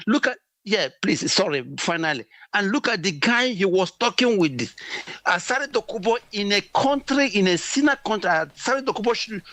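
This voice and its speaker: A man's voice: medium pitch, fairly bright tone, no echo, rough recording. A man from Nigeria calling in to a talk show, speaking emphatically with many repetitions and restarts. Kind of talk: impassioned political commentary.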